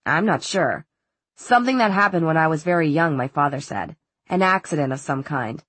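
A woman's voice: low-pitched, expressive, moderate pace, fairly bright tone, slightly rough, dry recording, full character voice. A woman voicing a curt, sarcastic teenage boy. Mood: wry.

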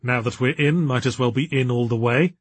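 A man's voice: mid-range voice, a little fast, breathy edge, no room sound, natural voice. A man voicing a nervous, anxious but determined young woman in a raised, tense voice.

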